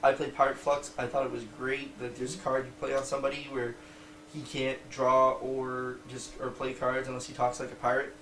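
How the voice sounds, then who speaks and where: A man's voice: medium pitch, monotone, moderate pace, a bit bright. A man co-hosting a podcast, chatting casually about board games with lots of fillers and restarts and the odd swear word. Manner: rambling, many fillers and restarts, swears freely. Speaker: podcast co-host. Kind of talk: casual board game review chat. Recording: roomy distant mic with faint background noise.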